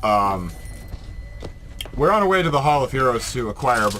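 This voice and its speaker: A man's voice: mid-range voice, big pitch swings, moderate pace, over a noisy crowd. A man giving casual, rambling Let's Play commentary, joking and swearing freely. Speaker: game commentator.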